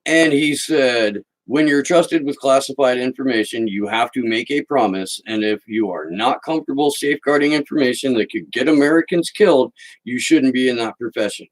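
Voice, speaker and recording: A male podcast host delivers political commentary with a sarcastic, mocking edge. His pitch sits right in the middle for a man, and he reads quotes aloud between his jabs. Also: normal speed, poor audio.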